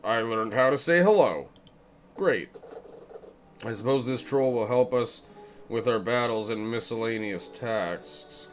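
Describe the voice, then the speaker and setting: A man plays through an old role-playing game and reads every line of dialogue aloud in an even, ordinary middle-pitched voice, dropping dry, deadpan asides between the lines. He laughs easily at the game. Soft music runs faintly under his voice. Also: measured pace. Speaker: gamer playing and reading dialogue. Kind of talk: let's play commentary reading game text aloud.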